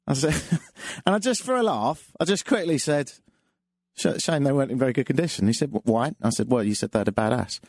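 A man's voice: mid-range voice, animated, fairly quick, darkish tone, no room sound. A man hosting a call-in radio show, telling stories and jokes in a dry, self-mocking way. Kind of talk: casual monologue with jokes.

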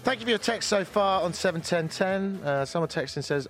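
A man's voice: sits high, expressive, fairly quick, faint music behind. A man hosting a casual radio talk show, joking and slipping into silly voices for bits. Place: radio studio.

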